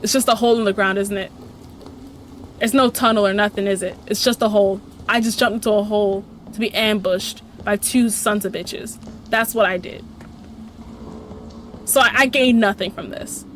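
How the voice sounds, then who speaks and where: In her let's play commentary, a woman curses liberally, rants sarcastically and addresses the game's characters directly. Her medium-pitched, fairly bright voice has fairly even intonation and a moderate pace, with slight background noise.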